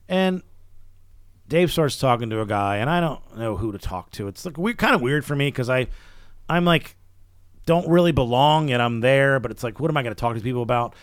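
A man's voice: medium pitch, no echo, clean studio sound. A man hosting a podcast, telling a story in casual chat and acting out the people he quotes. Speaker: podcast host.

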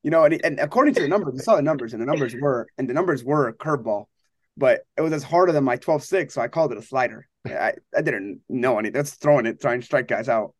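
A young man, a college baseball pitcher, chatting casually and telling animated stories, acting out quotes and laughing often. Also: fast talker, dry recording, studio quality. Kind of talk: casual interview chat.

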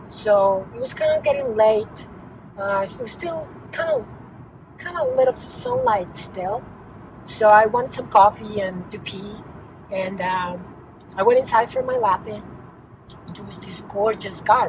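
A woman tells a story from the driver's seat, rambling and chatty, leaning on filler words and starting over. Her voice sits at an ordinary middle pitch. The mic is held back from her, and a clear hum of car and street noise runs underneath. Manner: chatty, rambling, heavy use of "like" and restarts. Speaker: host telling a personal story. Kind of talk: casual storytelling monologue. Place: inside a car. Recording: distant mic with noisy car background.

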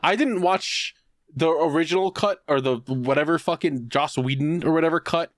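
Man, podcast co-host, fairly high voice, dry close sound; casual, swearing storyteller who acts out the quotes. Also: normal speed, dry recording. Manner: animated, profane storytelling. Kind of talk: casual chat.

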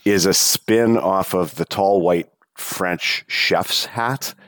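A man telling a funny travel story in casual chat, animated and swearing freely. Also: low-pitched, slow pace, no room sound, clean studio sound. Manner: animated, swearing, mimics people in stories.

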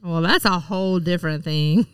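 A woman's voice: fairly low pitch, normal speed, clear, resonant tone, dry recording, clean studio sound, distant mic. A woman co-hosting a podcast in playful casual banter. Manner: playful, laughing often. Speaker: podcast co-host.

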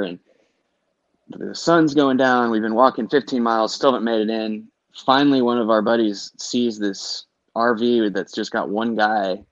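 A middle-aged man with a fairly low voice rambles through his old concert-trip stories, swearing freely and slipping into other people's lines. The sound is dry and a little dull, like a close podcast mic. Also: dry recording. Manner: rambling storyteller, swears freely, acts out quotes. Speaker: guest telling concert stories. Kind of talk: casual podcast chat.

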